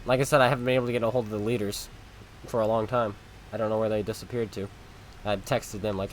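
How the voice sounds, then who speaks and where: A man's voice: medium pitch, quick pace, fairly bright tone, a little hiss or hum. A man streaming a tank game, giving casual commentary with a sarcastic, exasperated edge about his teammates.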